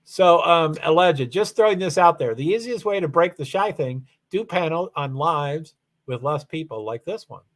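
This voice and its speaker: A man with a faint Kentucky accent talks his way through a casual livestream, addressing viewers at his desk. His voice sits a little high for a man, and he rambles, trailing off and restarting as he goes. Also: animated, normal speed. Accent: faint Kentucky Southern. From Louisville, Kentucky, USA. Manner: rambling, hesitant, many restarts and asides. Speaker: livestream host. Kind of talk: casual solo livestream chat.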